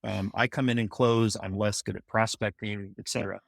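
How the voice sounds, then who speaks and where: A man's voice: on the low side, fairly even intonation, a little fast, creaky, no room sound, clean studio sound. A man hosting a podcast interview, enthusiastic and rambling as he builds up his questions. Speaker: podcast host.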